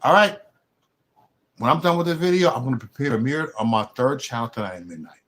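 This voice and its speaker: A man from Chicago hosts a live stream in a profane, comedic rant. His voice moves in wide, lively swings of pitch. He drops to low mutters, then bursts into loud yelling. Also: a little fast.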